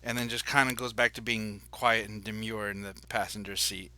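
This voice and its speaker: A man narrating a tabletop role-playing game as game master, halting and full of fillers. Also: fairly low pitch, steady tone, pushed and bright, a little hiss or hum.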